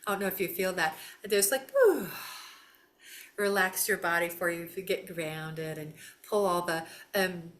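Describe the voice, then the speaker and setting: A woman, a psychic doing casual readings on a live call, animated, folksy and quick to laugh. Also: on the low side. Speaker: psychic guest.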